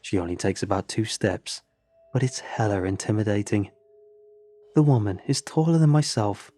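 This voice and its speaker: A man narrating a horror story in a steady, measured storytelling voice. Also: lowish voice.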